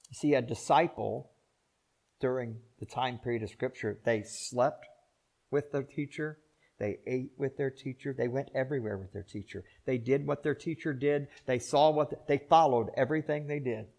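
An older man preaching a sermon as pastor, rising to loud emphatic peaks and dropping to soft, slow, drawn-out pleas. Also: mid-range voice.

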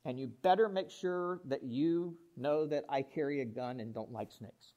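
A man preaching a sermon, dramatic and humorous, swinging from hushed asides to loud excited outbursts as he acts out Bible characters. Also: medium pitch, moderate pace, muffled recording. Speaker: pastor.

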